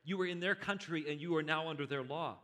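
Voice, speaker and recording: A man's voice: on the high side, fast talker, bright, forceful tone. A man as an exasperated British emissary. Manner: reasoning, explaining, stammering restarts. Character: exasperated male British diplomat, patient but firm.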